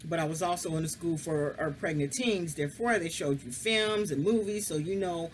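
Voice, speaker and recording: A woman's voice: lowish voice, normal speed, a little hiss or hum. A woman casually telling a personal story, frank and candid, swearing freely and confiding straight to the listener.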